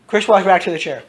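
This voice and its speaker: A man casually reading out his own story, dropping into loud voices for its characters. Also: sits high. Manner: switches into loud shouted character lines, swears freely.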